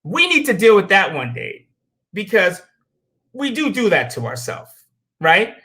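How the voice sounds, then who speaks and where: A man's voice: sits high, wildly swooping pitch, unhurried, bright, forceful tone. A man from the United States hosting a show, delivering a heated, profane opinion monologue and telling stories with acted-out quotes. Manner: blunt, profane, heated ranting. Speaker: show host.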